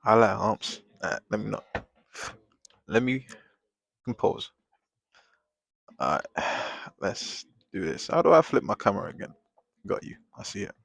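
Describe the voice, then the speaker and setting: Gravelly man ranting on stream. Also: on the low side, measured pace, long pauses, dry recording. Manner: rambling, venting in animated bursts. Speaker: artist streaming a live drawing session. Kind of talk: casual live-stream chat. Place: home, at a table. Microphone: desk microphone.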